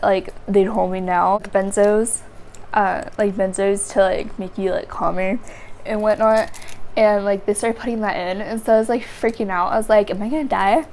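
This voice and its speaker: A young woman vlogs a story casually to her viewers, rambling along with heavy use of "like" as filler. Her voice is mid-range with a darkish tone, and the recording has a little hiss or hum.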